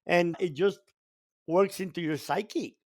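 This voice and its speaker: An older man, originally from Cuba, sits as a podcast guest and tells his story at length. His voice sits high for a man, and he presses his points by repeating words for emphasis. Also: takes it slowly. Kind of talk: storytelling in an interview.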